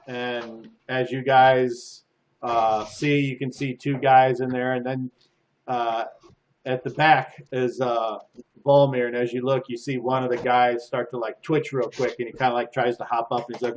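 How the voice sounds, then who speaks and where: A man's voice: mid-range voice, flat delivery, a little slow, slight background noise. A man narrating a tabletop game from home as game master, loose and rambling.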